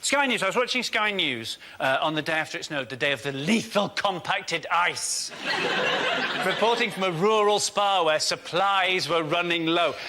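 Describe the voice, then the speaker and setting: Male panel comic, high-pitched, shouty impressions, noisy recording. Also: lively intonation, moderate pace. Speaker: panel comedian. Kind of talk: stand-up rant. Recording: loud background noise.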